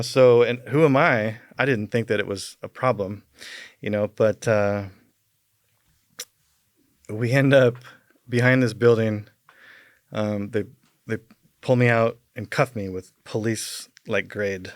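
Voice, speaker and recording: A man's voice: on the low side, no echo, clean studio sound. A man, a podcast guest, telling a long personal story in casual talk, rambling with many fillers and chuckling as he goes.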